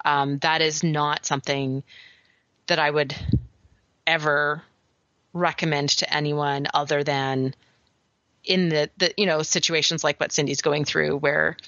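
Woman podcast co-host, lower pitch but bright sharp tone, dull lo-fi mic, explains the science stuff. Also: dry recording. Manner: explanatory, science-minded, laughs often. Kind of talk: casual chat.

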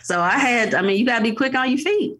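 A woman's voice: fairly high pitch, fast. A woman in her thirties with a Southern US accent, chatting as a guest over a video call and acting out people in her stories. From Tennessee, USA. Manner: animated storyteller, acts out quoted voices. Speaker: guest, teacher. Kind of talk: casual chat.

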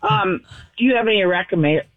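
A man calling in over a dull, narrow phone line. His voice is fairly high and rises and falls a lot as he asks hesitant questions, with plenty of fillers. The line sounds dry and close. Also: wildly swooping pitch, fairly quick, creaky, a little hiss or hum. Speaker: caller.

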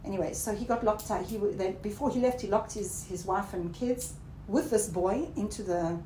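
A woman's voice: normal speed, warm tone. A woman giving a Torah lecture, mixing Hebrew terms into English and often checking in with her listeners. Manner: rising emphatic pitch when stressing points. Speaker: Torah teacher. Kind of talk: lecture to a class. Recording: roomy echo, faint background noise.

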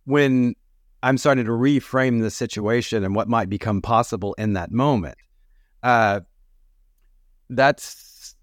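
A man speaks as a podcast guest, lively and storytelling, breaking into quick bursts and frequent laughter. His pitch is ordinary for a man, and the sound is dry and close. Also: no echo. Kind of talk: reflective conversational podcast.

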